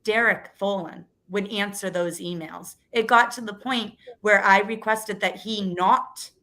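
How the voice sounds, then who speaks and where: In this clip a woman in her thirties or forties, running for school committee, tells a personal story as a guest on a casual interview. Her medium-pitched voice is bright and forceful, her pace a little slow. She sounds earnest and emotional and often restarts her sentences.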